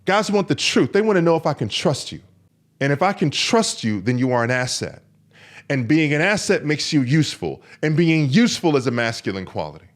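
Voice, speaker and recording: A man's voice: on the high side, big pitch swings, brisk. A man hosting a podcast, coaching other men in an emphatic, repetitive monologue. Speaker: men's coach and podcast host.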